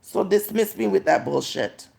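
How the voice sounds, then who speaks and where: A woman's voice: medium pitch, lively intonation, moderate pace, creaky, darkish tone. A woman in her late thirties with a Jamaican accent, ranting and scolding on a live stream, drawing out words for emphasis. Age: 30s. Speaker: vlogger.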